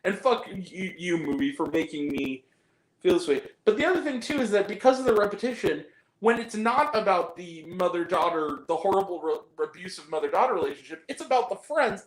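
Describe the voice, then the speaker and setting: A man's voice: high-pitched, echoey room, low-quality recording. A man giving a casual spoken film review, ranting and swearing in exasperation. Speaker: movie reviewer.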